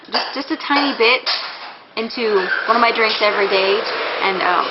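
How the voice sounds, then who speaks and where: A young woman vlogging about her pregnancy talks casually in a mid-range voice, rambling with plenty of fillers and restarts, candid and slightly embarrassed. The recording is muffled and has heavy background noise.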